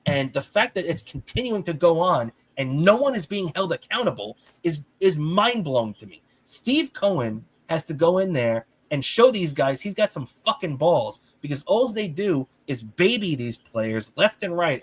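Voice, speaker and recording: A man co-hosting a sports talk podcast, worked up and ranting. His voice sits fairly high and leaps around with lively swings. He swears freely as he vents. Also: moderate pace, hardly any pauses, slightly rough. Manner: heated, animated ranting. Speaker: podcast co-host.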